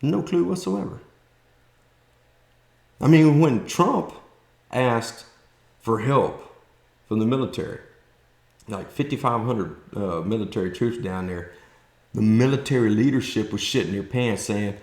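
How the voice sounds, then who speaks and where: A man's voice: mid-range voice, unhurried, vocal fry, pauses often, a little mellow, reverberant. A man with a South Texas accent giving a blunt, folksy, fired-up opinion monologue. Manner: blunt, folksy, fired-up ranting with mocking quoted voices. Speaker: political commentator vlogger.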